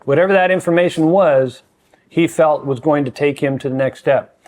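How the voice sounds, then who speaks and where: An older man with a slightly high voice talks as a mentor on a podcast. He sounds earnest and measured, leaning into key points with emphasis. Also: a little mellow. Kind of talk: reflective conversation.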